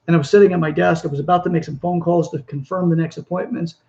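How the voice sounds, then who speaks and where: A man's voice: fairly high pitch, steady tone, fast talker, gravelly, warm tone, highs cut off. A man hosting a self-help talk, speaking earnestly in a rambling monologue with frequent restarts. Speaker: podcast host. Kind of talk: motivational monologue.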